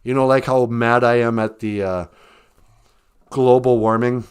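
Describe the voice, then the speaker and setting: A man hosting a comedic podcast, teaching a few words of a language in a relaxed, joking way. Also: medium pitch, a little slow, long pauses, smooth.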